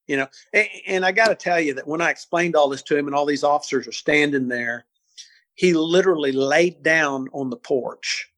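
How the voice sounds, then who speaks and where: An older man tells a long story in an interview, animated and quick to repeat himself as he builds up a scene. His voice sits a bit high for a man. The sound is dry and close. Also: no room sound. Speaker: interview guest.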